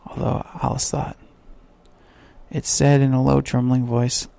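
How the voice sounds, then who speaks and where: Gravelly, dark-voiced male sleep story narrator. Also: medium pitch, level tone, unhurried.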